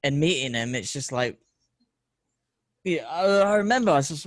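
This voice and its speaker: A middle-aged man hosting a loose, casual talk. He rambles through stories, swears freely and jumps into animated voices. The recording is dry and close. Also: on the high side, moderate pace, dry recording. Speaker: podcast host. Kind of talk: casual chat.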